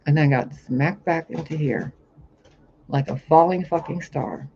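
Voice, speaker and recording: A man's voice: on the high side, measured pace, creaky, a little mellow. A man who works as a spiritual reader, describing a vision to camera in a rambling, intense monologue and swearing often. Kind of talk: vlog monologue about a vision. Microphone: camera mic, talking to camera. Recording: dull lo-fi sound with faint hiss.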